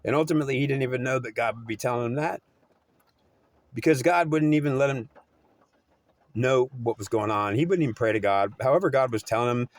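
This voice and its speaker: A man's voice: medium pitch, brisk, dry recording. A man telling a story in a rambling, repetitive way, often restarting and correcting himself. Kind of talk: oral storytelling.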